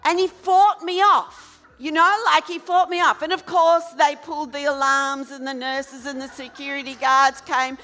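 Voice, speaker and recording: A high-voiced woman tells a story on stage in a frank, lively way and laughs along with it. Her tone is bright and clear. Faint music sits behind her. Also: normal speed, hardly any pauses. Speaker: festival speaker. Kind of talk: live storytelling talk.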